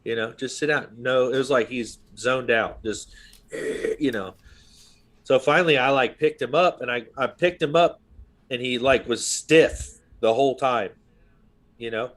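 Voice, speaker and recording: A man's voice: mid-range voice, measured pace, a bit bright. Podcast host, man in his thirties: loose, rambling storyteller, middle-range voice. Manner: rambling storyteller, full of "you know what I mean". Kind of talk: casual conversation.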